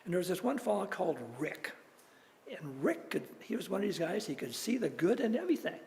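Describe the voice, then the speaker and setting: A man's voice: sits high, brisk, vocal fry, slight background noise. A male minister, likely older, telling personal stories in a sermon, chuckling often as he goes. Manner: storytelling, chuckles often, animated. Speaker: guest minister. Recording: church hall with long reverb.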